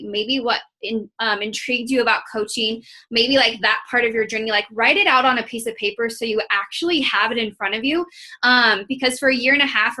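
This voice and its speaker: A young woman from Iowa gives a motivational team-call talk to fellow coaches. Her voice is bright and sits a little high. She talks in a loose, candid, chatty way, full of fillers. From Iowa, United States. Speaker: fitness coach.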